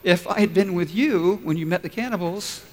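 A man preaching who briefly voices a calm, ever-optimistic friend in a story. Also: high-pitched, moderate pace, lightly acted. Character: cheerful, unshakably optimistic male friend. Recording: long reverb from a large room.

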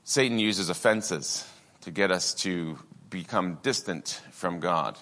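A man with a low but bright, forceful voice delivers a sermon, talking loosely and conversationally with asides. The sound carries the long reverb of a large church hall. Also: takes it slowly. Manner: conversational preaching with many asides and fillers. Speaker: pastor.

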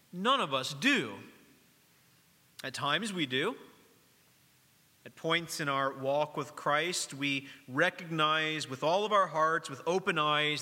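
A middle-aged man, a pastor preaching a sermon in a church, speaking earnestly, dropping to a hush and then rising to emphasis. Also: on the high side, in a large hall. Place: church sanctuary during worship.

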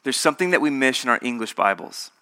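Bright, emphatic male preacher. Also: mid-range voice, expressive, fast, gravelly. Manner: emphatic and repetitive, building points with contrasts. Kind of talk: sermon.

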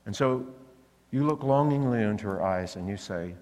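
A man's voice: on the low side, normal speed. A man preaching a sermon, telling stories and acting out the voices he heard. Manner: animated storytelling, acting out voices. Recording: long hall reverb.

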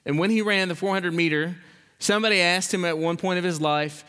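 Impassioned pastor preaching in a reverberant hall. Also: male voice, high-pitched, fairly even intonation, a little fast, clean tone. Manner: impassioned, swings between loud exhortation and quiet emphasis. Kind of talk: sermon. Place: church sanctuary.

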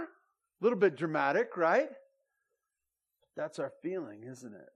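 Male pastor mid-sermon, slightly high voice, shifts from booming emphasis to near-hushed asides. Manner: animated, swings between loud emphasis and soft intimate asides.

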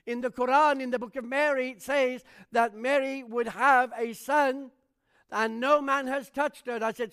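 A man preaching a sermon, telling his own testimony with animated storytelling and fervent rhetorical questions. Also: extremely high pitch, moderate pace.

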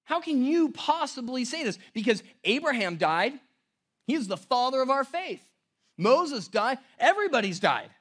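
A man doing an incredulous, high-pitched crowd. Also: sing-song, moderate pace, fairly bright tone, full character voice. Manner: incredulous, raised questioning voice. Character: indignant crowd of men challenging a young teacher.

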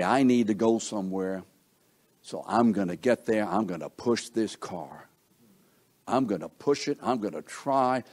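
Husky-voiced man preaching conversationally. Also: on the low side, a little mellow. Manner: conversational, asks the listeners questions, acts out quoted thoughts. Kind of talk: sermon.

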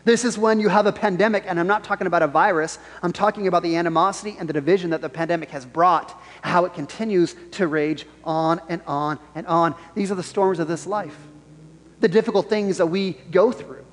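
A pastor preaching a Sunday sermon in an animated style, repeating his key phrases for emphasis. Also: sits high, fairly quick, big-room sound.

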